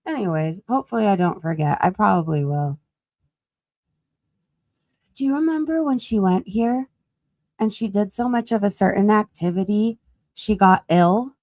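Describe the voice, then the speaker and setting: A woman's voice: mid-range voice, animated, moderate pace, long pauses, mellow, no room sound. A woman chatting casually on a live gossip stream, scrolling and laughing as she talks to her chat. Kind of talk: casual commentary while scrolling.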